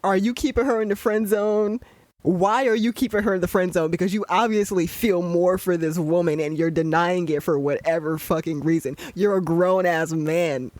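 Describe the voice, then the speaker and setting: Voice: medium pitch, steady tone, moderate pace, a little mellow, no room sound. A young adult podcast host giving casual commentary on a show, ranting in a profane, exasperated way.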